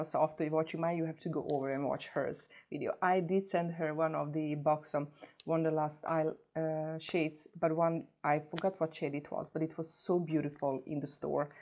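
A woman beauty vlogger chatting casually as she unboxes gifts, gushing and repeating words in her excitement. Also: sits low, normal speed.

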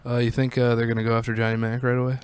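A man's voice: mid-range voice, monotone, very fast, clear, resonant tone. Blunt, crude young guy. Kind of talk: casual chat.

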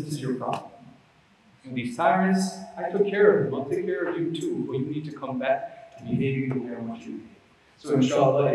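A man preaching a sermon, animated and emphatic, talking casually to the crowd and chanting scripture quickly. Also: on the high side, a little hiss or hum. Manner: animated, rising to loud emphatic peaks, reciting scripture in rapid chant; casual slangy address to the crowd. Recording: echoey hall, mic far off.

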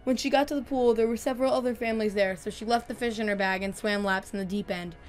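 A woman calmly reading horror stories in scripted narration, growing softer and quieter on the grim lines. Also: fairly high pitch. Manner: calm, measured, dropping softer on grim lines. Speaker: storyteller. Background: faint music.

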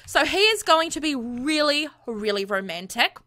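A woman giving bubbly, gushing let's-play commentary on a USB condenser microphone, often squealing with excitement. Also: high voice, moderate pace, few pauses. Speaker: gaming video creator.

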